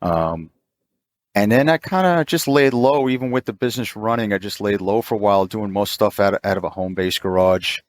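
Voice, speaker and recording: A man in his fifties telling a long story in casual chat, jumping into a higher pitch to act out the people he quotes. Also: fairly quick, dry recording. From New York. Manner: animated, acts out quoted voices in a higher pitch. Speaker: mobile auto technician, podcast guest.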